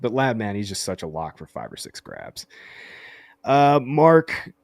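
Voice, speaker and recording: A man's voice: fairly low pitch, very animated, unhurried, no room sound, clean studio sound. A man hosting a casual sports podcast, reading out listener questions and answering them playfully. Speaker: podcast host. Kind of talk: casual live Q&A chat.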